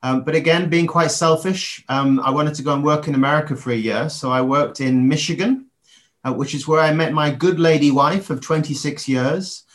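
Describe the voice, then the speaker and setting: A man's voice: fairly high pitch, fairly even intonation, normal speed. An English man in his forties, a guest on a podcast interview, talking reflectively with frequent ums and restarts. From England.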